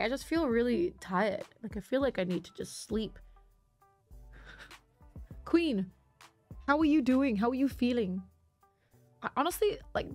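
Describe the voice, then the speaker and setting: A woman's voice: high-pitched, darkish tone. Chatty woman streamer, music behind. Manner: chatty, laughs often, reads chat aloud. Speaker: livestreamer. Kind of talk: casual chat with viewers.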